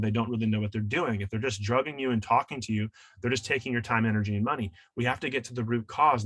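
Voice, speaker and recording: A man's voice: mid-range voice, a bit bright, breathy edge, no room sound. A man coaching and teaching in an interview, emphatic and preachy, repeating his key points. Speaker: shadow work coach and author.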